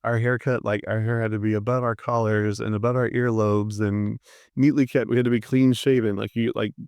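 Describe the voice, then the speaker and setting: A man chats as a podcast guest, spinning lively stories and slipping into the voices of the people he quotes. His voice is smooth and resonant, and the recording is dry and close with no room sound. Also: fairly low pitch, a little fast, no echo. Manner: animated storyteller who acts out quoted voices. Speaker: theater arts teacher, podcast guest. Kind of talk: casual storytelling conversation.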